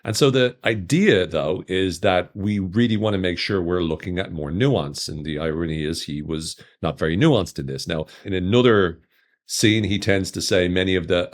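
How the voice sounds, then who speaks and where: Male podcast host with a deep voice, upbeat and chatty, teasing his listeners. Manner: enthusiastic, chatty, with playful asides to listeners. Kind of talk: solo podcast talk.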